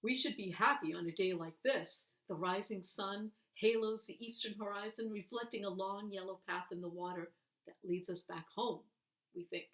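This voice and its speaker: A woman's voice: medium pitch, normal speed, fairly bright tone, roomy sound, low-quality recording. A woman reading a children's novel aloud, voicing the characters with expression. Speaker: reader.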